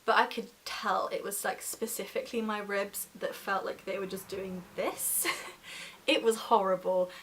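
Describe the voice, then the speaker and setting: Speaking at a normal pace with a mid-range, fairly even voice that's a bit bright, this pregnant vlogger in her twenties chats casually, giggling often and leaning on "like." She gets short of breath at times, and a little hiss or hum sits under the recording.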